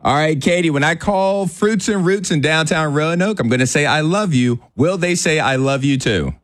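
Male morning radio host, upbeat and quick, slightly high voice, dry studio mic. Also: a bit bright, dry recording. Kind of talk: morning radio call-in game. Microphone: studio microphone.

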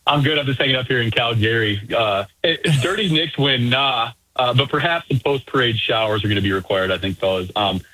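A man's voice: mid-range voice, pushed and bright, no echo, low-quality recording. Playful male caller, dry line. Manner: playful, quick joking riffs. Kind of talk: call-in radio chat.

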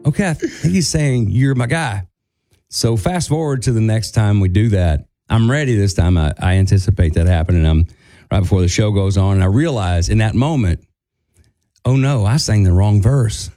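A man co-hosting a radio show, telling a story in a casual, animated way and jumping into a higher voice to act out quotes. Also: moderate pace. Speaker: guest co-host, country singer.

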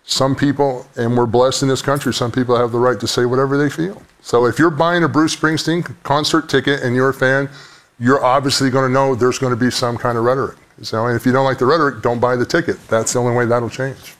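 A man's voice: mid-range voice, fairly even intonation, a little fast. A man joking around as a guest on a panel talk show, often putting on silly voices. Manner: jokey, slips into mock voices. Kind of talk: casual panel banter.

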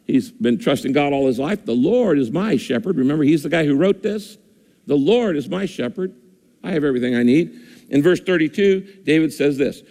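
A man's voice: a little high, lively intonation, fairly quick, a little mellow. Man preaching in a reverberant hall. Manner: conversational preaching, repeats phrases. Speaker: pastor. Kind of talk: sermon. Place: church or auditorium with a screen.

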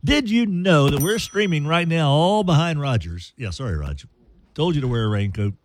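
A man's voice: fairly high pitch, expressive, normal speed. A man hosting a live morning radio show, joking around and reading sponsor spots in a playful way. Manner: playful, jokey, with ad reads. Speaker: radio and podcast host. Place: radio studio.

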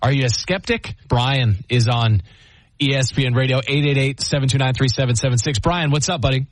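Radio host guy, husky, dry studio sound, keeps tripping over words. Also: mid-range voice, a little fast, no room sound. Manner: excited, stammering restarts. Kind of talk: sports talk radio.

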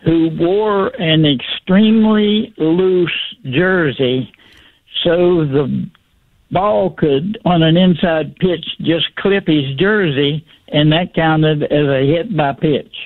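An older man calling in to a radio sports show, slow and halting as he reminisces. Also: a little high, no echo. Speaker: caller. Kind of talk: call-in radio chat. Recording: tinny phone line.

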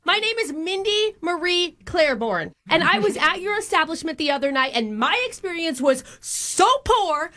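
A woman's voice: very high-pitched, lively intonation, pushed and bright, exaggerated voice. A woman radio host playing an entitled customer who pushes and complains on a prank phone call. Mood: indignant. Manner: huffy, pushy, drawn-out demands. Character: entitled, indignant female restaurant complainer.

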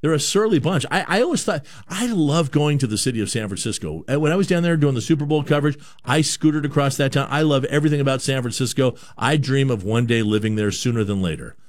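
A man from Canada holds forth on a sports talk show, rambling and opinionated. His pitch swings widely as he talks. The sound is close and dry. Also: animated, fast talker, hardly any pauses, no echo.

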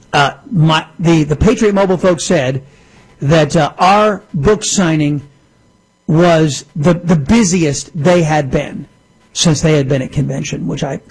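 A man's voice: on the high side, darkish tone, slightly rough, poor audio. A man hosting casual political commentary, emphatic and repetitive, often calling his listeners folks. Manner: emphatic, repeats phrases, addresses folks.

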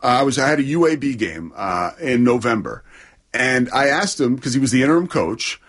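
A man's voice: mid-range voice, very animated, a little fast, fairly bright tone. A man co-hosting a casual sports talk show, chatting with enthusiasm about college football.

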